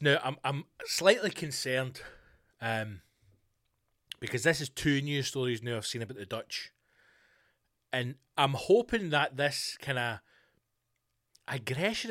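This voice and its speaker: A man's voice: mid-range voice, fairly bright tone. A Scottish man hosting a podcast, ranting casually with heavy swearing and mocking voices for people he quotes. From Scotland. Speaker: podcast host.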